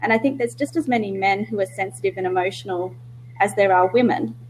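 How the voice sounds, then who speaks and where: A woman's voice: medium pitch, quick pace, darkish tone, poor audio. Brief: woman, casual discussion, frank and self-interrupting, faint hum. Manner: candid, self-interrupting, laughs easily. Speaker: discussion participant.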